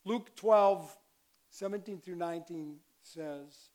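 Male pastor, conversational sermon delivery, slow pace, punches key lines loudly. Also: a little high, fairly even intonation. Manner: conversational preaching with sudden loud emphasis.

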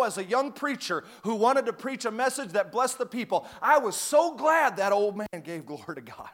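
A man preaching a sermon, telling a story and rising to loud, fervent bursts. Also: high voice.

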